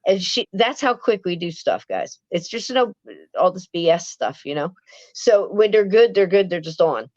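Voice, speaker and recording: A woman's voice: lowish voice, normal speed, a little mellow, no echo. Woman rambling thru a spooky story, restarts a lot, dry muffled mic. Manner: chatty, acts out quoted voices, frequent restarts. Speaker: guest, paranormal author. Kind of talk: casual storytelling chat.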